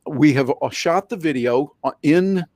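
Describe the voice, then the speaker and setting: A man presenting a live online workshop, talking in an animated, playful storytelling way over a video call. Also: on the high side, measured pace, no echo. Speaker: guest presenter, professional speaker.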